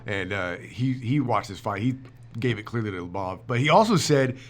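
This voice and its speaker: A man's voice: on the low side, animated, moderate pace. A man co-hosting a sports podcast in casual chat, reading off fight results. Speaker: podcast co-host.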